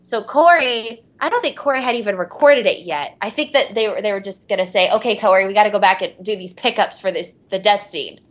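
A woman's voice: medium pitch, a little fast, hardly any pauses. A young woman, a voice actress on a panel, telling rambling stories with lots of fillers and giggles. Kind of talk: casual convention panel talk.

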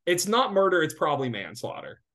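A man co-hosting a casual sports podcast, talking in a slightly higher register than most men. He swears easily and slides into fired-up, mock-outraged rants, hitting his big lines hard. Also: fairly quick. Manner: ranting, profane, animated. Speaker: podcast co-host.

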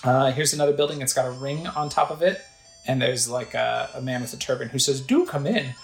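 Gameplay narrator, casual, rambling, middle pitch, echoey room, faint music. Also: flat delivery, brisk, creaky. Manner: rambling, conversational, filler-heavy. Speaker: let's play narrator.

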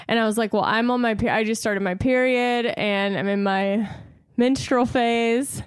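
A young woman co-hosting a podcast, telling a story with lots of laughs and animated quotes. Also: on the high side, moderate pace, clean tone, no echo, studio quality. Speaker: podcast co-host. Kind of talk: casual chat.

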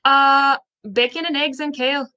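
A woman's voice: high-pitched, steady tone, moderate pace, pushed and bright. A woman from the United States giving short, playful answers in a casual interview. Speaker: guest, new staff member.

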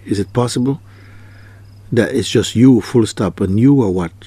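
A man's voice: lowish voice, moderate pace, mellow, slightly rough, dry recording. A man giving a spiritual talk as a teacher, asking probing questions and often repeating his phrases. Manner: questioning, repeats phrases, acts out quoted people.

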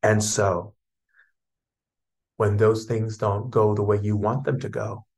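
A man's voice: lowish voice, little pitch movement, slow, creaky, a little mellow. A man giving a spiritual talk as a teacher, speaking in flowing, repetitive, soothing phrases.

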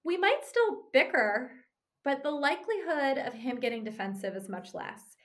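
A woman explaining couples communication in a lively, conversational way, often checking in with "right?". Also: high voice, normal speed. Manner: conversational, animated, frequent tag "right?". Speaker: relationship therapist.

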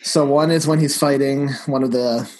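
A man's voice: medium pitch, steady tone, normal speed, darkish tone, poor audio. A man co-hosting a casual podcast, easygoing and wry as he talks about a film. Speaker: podcast co-host. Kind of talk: casual movie chat.

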